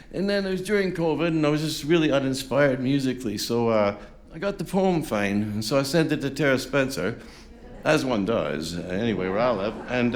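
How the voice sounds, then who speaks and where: A man chatting between songs at a folk concert, rambling and self-deprecating with lots of fillers, on a stage microphone. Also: medium pitch. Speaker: folk singer-songwriter. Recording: live concert with faint music behind.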